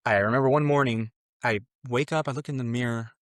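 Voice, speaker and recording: A man in his late twenties talks through his own story as a podcast guest, earnest and casual, slipping into the voice of his past self. His pitch sits in the middle for a man. The recording is close and dry, with no room sound. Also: fairly even intonation, quick pace, no room sound. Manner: earnest, loose and conversational, acting out his own past thoughts.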